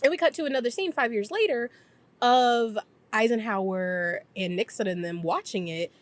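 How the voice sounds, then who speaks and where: A woman's voice: on the high side, dry recording. A woman casually recapping a TV episode for her channel, talking freely with lots of filler words. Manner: chatty, filler-heavy, slips into quick impressions. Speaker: YouTube TV reviewer.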